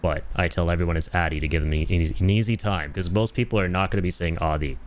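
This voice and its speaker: A man's voice: low voice, fairly even intonation, quick pace. A young man with a North American accent, telling stories in a casual chat while streaming a game, laughing often and trailing off with fillers. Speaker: livestreamer.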